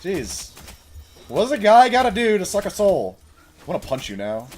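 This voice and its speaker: A man giving live, excitable commentary while playing a video game, laughing and shouting commands to a pet. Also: sits high, normal speed, faint music behind. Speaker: game streamer.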